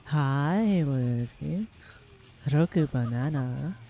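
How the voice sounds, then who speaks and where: A game streamer chatting casually while playing, in a soft, hushed, ASMR-like voice, relaxed and rambling, laughing easily. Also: medium pitch, extremely slow. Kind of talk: casual live gameplay chat.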